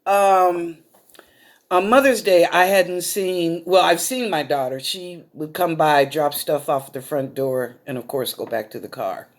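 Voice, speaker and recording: A woman's voice: fairly low pitch, measured pace. A middle-aged woman hosting a psychic talk show, speaking in a folksy, emotional way that calls the viewers y'all, and choked up and close to tears. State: tearful, choked up.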